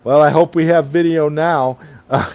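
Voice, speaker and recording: A man's voice: a little high, steady tone, moderate pace, a little mellow. Rambling, enthusiastic male stream host. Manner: reads viewer comments aloud, rambling and enthusiastic. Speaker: livestream host. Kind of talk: casual late-night chat. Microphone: online streaming call.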